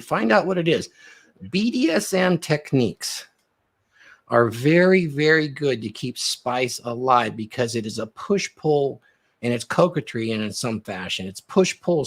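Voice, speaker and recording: A man talking as a dating coach on a podcast, animated and acting out little scenes as he explains. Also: medium pitch, creaky, breathy edge. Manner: animated, acts out quoted lines. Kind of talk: podcast chat.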